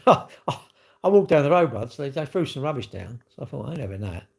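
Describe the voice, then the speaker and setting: A middle-aged man chats casually with his viewers, rambling from one thing to the next in a cheeky, joking way. His voice sits a bit high for a man and swings up and down a great deal as he acts out quoted exchanges. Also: very animated, normal speed, creaky, a little mellow. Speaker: livestream host reading chat.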